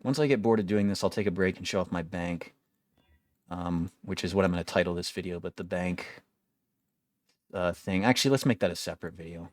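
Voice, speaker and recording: A man's voice: low-pitched, brisk, dry recording, studio quality. A young man giving casual gameplay commentary, wry and complaining, swearing freely as he plays. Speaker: gaming video creator.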